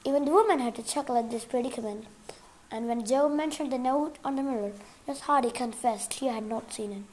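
A woman's voice: a little high, a little fast, darkish tone, a little hiss or hum. A woman reading a novel aloud casually, sometimes stumbling and restarting words. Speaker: reader.

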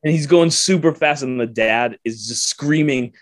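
A man guesting on a podcast, chatting casually and a bit drunk, laid-back and often filling pauses with "um". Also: mid-range voice, no room sound, clean studio sound. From United States.

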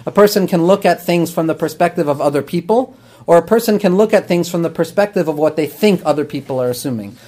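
High-voiced man teaching with Hebrew terms. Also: darkish tone. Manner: earnest, explaining, weaves in Hebrew terms. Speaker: rabbi and therapist teaching. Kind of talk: talmudic teaching talk.

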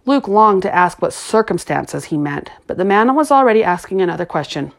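A woman narrating a novel in a steady, even storytelling voice. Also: mid-range voice, fairly quick, creaky. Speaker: audiobook narrator. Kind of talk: scripted narration.

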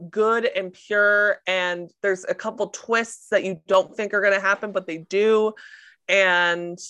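A woman co-hosting a podcast, chatting casually and excitedly about favorite movies, quoting people and swearing freely. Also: mid-range voice, measured pace, clean tone, no echo. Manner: excited, profane, quotes herself and others. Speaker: podcast co-host. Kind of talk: casual chat.

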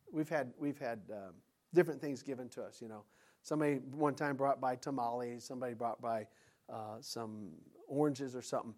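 A middle-aged man delivers a sermon in a loose, talky style, often stopping to restart his sentences. His voice sits fairly high for a man. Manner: conversational preaching with frequent fillers and restarts. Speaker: pastor.

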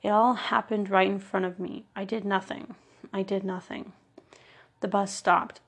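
A woman narrates a memoir in the first person, her voice set at an ordinary middle pitch. There is a steady gravelly fry running through her delivery. She stays earnest and measured, pressing on each word in a list. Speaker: audiobook narrator.

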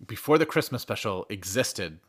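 A man co-hosting a podcast in casual chat, excitable and often laughing while he talks. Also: fairly low pitch, moderate pace, slightly rough. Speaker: podcast co-host.

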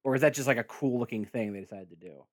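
A middle-aged man, a guest podcaster, chatting casually, lively and prone to rambling. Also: mid-range voice, fast talker. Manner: lively, laughs easily, rambling. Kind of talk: casual chat.

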